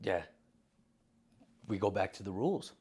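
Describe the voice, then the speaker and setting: A man's voice: low voice, animated, a little slow, a little mellow, husky. A man co-hosting a comedy podcast, telling crude stories with lots of swearing and laughter. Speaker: podcast co-host.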